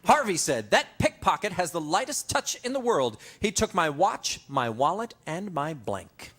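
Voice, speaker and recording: A man hosting a comedy game show, exclaiming and reading out questions with animated delivery, in a TV studio with a live audience. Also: high voice, normal speed, faint music behind. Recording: loud studio audience laughter and noise.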